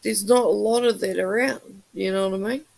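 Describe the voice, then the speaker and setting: A man's voice: high-pitched, fairly even intonation, a little fast, gravelly, darkish tone. A man hosting a live stream, chatting in an emphatic, sweary way over a video call. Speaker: stream host. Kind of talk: casual chat.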